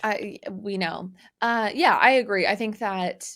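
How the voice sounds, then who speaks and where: A woman co-hosting a casual pop-culture podcast, teasing her co-host with quick, jokey banter. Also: medium pitch, a bit bright.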